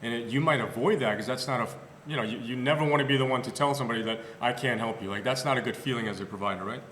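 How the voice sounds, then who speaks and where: A rapid-fire, medium-pitched man, a physical therapist, casually relates patient stories for a podcast in a clinic room. He's animated, with many fillers and restarts, while the audio carries a roomy long reverb and slight hiss or hum.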